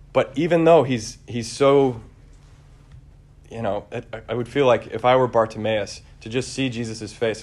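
A man preaching a conversational homily, relaxed and searching, with frequent fillers and restarts. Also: on the low side.

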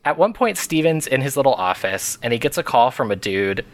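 A man co-hosting a podcast in casual chat, animated and laughing often. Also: medium pitch, fairly quick. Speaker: podcast co-host.

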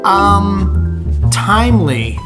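A man's voice: high-pitched, very animated, very slow, over loud music. Playful, teasing man co-hosting a podcast. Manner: playful, teasing, reads friend's texts aloud in a raised voice. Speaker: podcast co-host. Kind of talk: casual chat.

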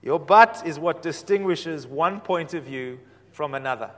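A man preaching a sermon, animated, swinging from quiet explanation to loud emphatic points. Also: on the high side, measured pace. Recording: reverberant hall.

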